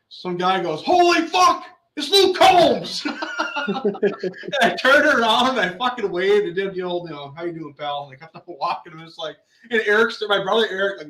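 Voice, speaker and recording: A man's voice: fairly high pitch, fairly bright tone, echoey room, low-quality recording. A man hosting a podcast, telling rambling stories in casual chat and swearing often. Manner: swears a lot, rambling storyteller. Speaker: podcast host.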